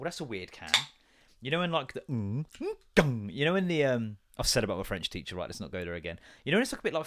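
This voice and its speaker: A man in his thirties with an English accent, chatting on his own podcast, rambling through stories, swearing freely and putting on voices for the people he quotes. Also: fairly high pitch. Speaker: podcast host. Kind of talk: casual solo chat.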